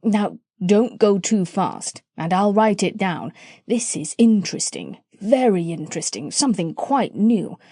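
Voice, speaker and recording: A woman voicing a gentle, eccentric country doctor who speaks mildly and carefully. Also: medium pitch, expressive, no echo, clean studio sound. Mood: eager. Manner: mild, earnest, slow and careful.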